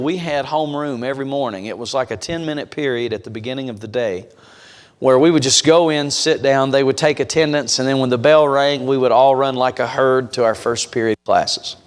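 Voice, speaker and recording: A man's voice: mid-range voice, moderate pace. A man preaching a revival sermon in a church. He speaks to the congregation directly and tells stories with emphasis. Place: church sanctuary. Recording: long church reverb.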